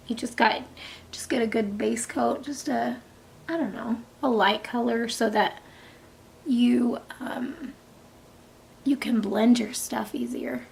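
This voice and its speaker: A middle-aged woman chatting casually through a makeup tutorial, rambling and dropping into soft half-whispered asides. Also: fairly high pitch, vocal fry, a little hiss or hum. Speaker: beauty vlogger.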